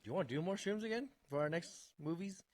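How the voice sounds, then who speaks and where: A man's voice: high voice, animated, fast, darkish tone, no echo. A young man co-hosting a podcast, teasing and giggling often in casual banter. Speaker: podcast co-host.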